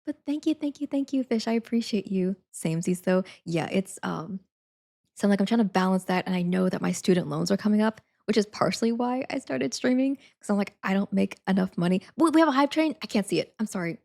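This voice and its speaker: A woman's voice: mid-range voice, lively intonation, fairly quick, creaky, darkish tone. A young adult woman chatting casually on a live stream, laughing often, saying "like" a lot and thanking viewers again and again.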